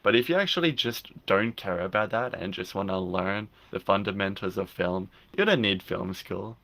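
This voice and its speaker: Gravelly, bright-voiced young man rambling. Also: sits low, normal speed. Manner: rambling, with frequent restarts and "like". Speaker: guest filmmaker. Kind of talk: casual interview chat.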